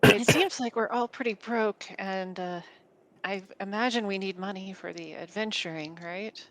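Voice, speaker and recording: A woman's voice: medium pitch, normal speed, a bit bright. A woman with a mid-range voice speaks hesitantly in a tabletop game, with a faint hiss behind her. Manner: hesitant, filler-heavy. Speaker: player.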